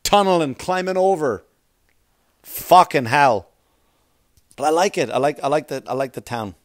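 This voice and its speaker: A man's voice: a little high, normal speed, no echo, clean studio sound. A man delivering a rambling, profane comic monologue as a podcast host, constantly checking in with the listener. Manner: profane, keeps checking in with "right?".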